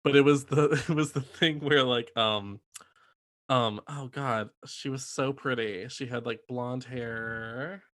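A man co-hosting a casual, gossipy chat, animated and often acting out quotes in high, mocking voices. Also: slow. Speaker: podcast co-host.

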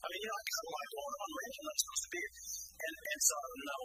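A man's voice: extremely high pitch, wildly swooping pitch, rapid-fire, music in the background, rough recording. A middle-aged man, a pastor, telling a rambling homespun story in a sermon with rural turns of phrase.

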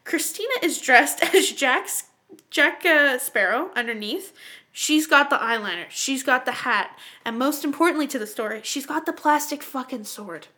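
A young woman from Canada, co-hosting a podcast, telling a story in an animated, profane way and acting out the voices. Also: high-pitched, moderate pace. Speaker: podcast co-host. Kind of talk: casual storytelling chat.

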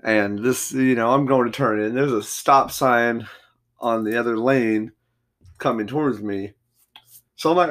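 A man's voice: medium pitch, normal speed, fairly bright tone. A man hosting a solo podcast, telling stories in a rambling, profanity-filled, combative rant. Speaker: podcast host.

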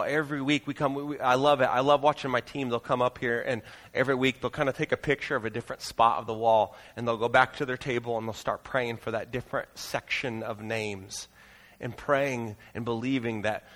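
A pastor preaching a sermon in a church auditorium, earnest and pleading, moving into prayer. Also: male voice, medium pitch, fairly even intonation, a little fast, a bit bright, big-room sound.

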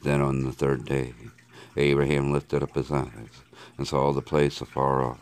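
Extremely deep-voiced man reading scripture. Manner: measured, steady reading of archaic scripture. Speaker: Bible reader.

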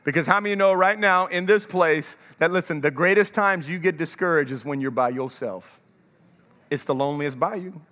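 High bright-voiced male preacher. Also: normal speed, in a large hall. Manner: energetic, calls for congregation response. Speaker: pastor. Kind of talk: sermon. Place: large church.

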